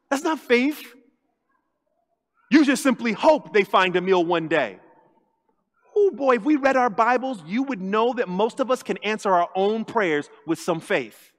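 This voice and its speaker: High-voiced preaching man in a reverberant church. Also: moderate pace. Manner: animated preaching, acts out quoted voices, jokes with the congregation. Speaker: lead pastor. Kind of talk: sermon. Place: church sanctuary.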